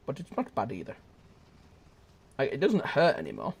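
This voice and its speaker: A young man with a medium-pitched, gravelly, slightly rough voice swings wildly in pitch at normal speed. Streaming a shooter, he offers casual, goofy, rambling commentary, erupting into squeals, laughs and bits of song.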